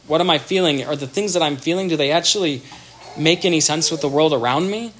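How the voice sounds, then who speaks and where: A man giving an earnest, animated explanatory talk on attachment in relationships, acting out example dialogue as he goes. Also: fairly high pitch, fast talker.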